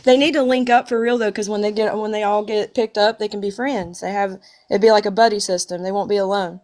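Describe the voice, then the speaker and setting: A woman's voice: medium pitch, steady tone, fairly quick, darkish tone. A woman co-hosting a casual live stream, trading teasing, giggly banter with her partner.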